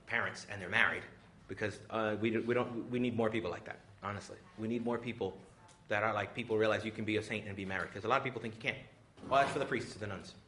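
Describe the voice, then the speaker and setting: A man, a priest, giving a retreat talk, joking and lively, often acting out little voices. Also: on the low side, slight background noise. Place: retreat hall with audience.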